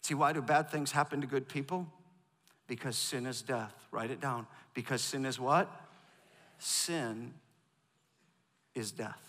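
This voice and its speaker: A man's voice: mid-range voice, a little slow, pauses often, a bit bright, in a large hall. A man preaching a sermon as a pastor, cracking jokes and calling on the congregation to repeat lines after him. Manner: joking, calls for audience responses. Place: large church auditorium.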